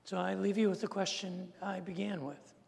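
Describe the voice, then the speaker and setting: Older male pastor, high voice, animated storyteller who acts out each character, in a long-echoing church hall. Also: normal speed, creaky. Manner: animated storyteller acting out the people in his story. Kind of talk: storytelling sermon. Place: church sanctuary.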